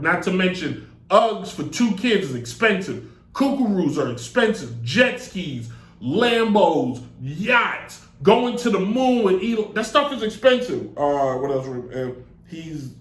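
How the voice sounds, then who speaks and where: Give me a joking, digressive male sports host with a somewhat high voice in an echoey room. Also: big pitch swings, a little slow, a bit bright. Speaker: sports talk show host. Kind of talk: casual live show monologue. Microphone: desk mic on a stand.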